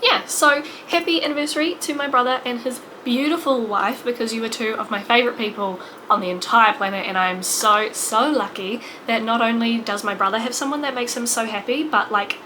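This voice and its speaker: A woman's voice: a little high, fairly quick, few pauses, bright, forceful tone, a little hiss or hum, rough recording. A woman in her late twenties talking to camera in a personal vlog, emotional and rambling, full of fillers and restarts. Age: 20s. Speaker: vlogger.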